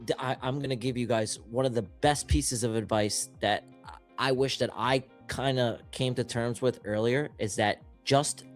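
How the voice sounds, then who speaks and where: A man talks through trades on a live stream, animated and full of slang. His voice sits at an ordinary middle pitch. Soft music runs quietly behind him. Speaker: trading stream co-host. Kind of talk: live-stream trading chat. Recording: faint music in the background.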